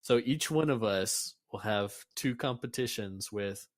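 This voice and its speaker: A man voicing an excitable, chatty male angelic emissary in a tabletop game. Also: on the low side, a little slow, lightly acted. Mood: eager.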